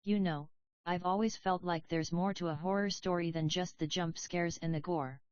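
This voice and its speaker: A woman's voice: on the low side, steady tone, normal speed, a little mellow, dry recording, close to an everyday voice. A woman voicing an earnest, thoughtful cubehead heroine in a storybook reading, on a dull, dry lo-fi recording. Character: soft-spoken blue cubehead heroine, young woman, earnest.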